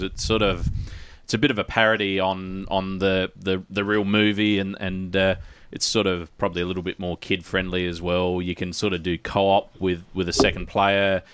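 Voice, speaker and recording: A man's voice: low-pitched, a bit bright, clear, resonant tone, dry recording. A man hosting a casual gaming podcast, rambling with many restarts and fillers. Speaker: podcast host. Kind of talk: casual chat.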